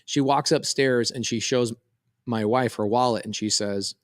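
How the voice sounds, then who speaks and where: Dad telling an animated story. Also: male voice, mid-range voice, normal speed, no echo, clean studio sound. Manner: animated, quotes voices in a story. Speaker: podcast co-host. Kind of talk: casual storytelling chat.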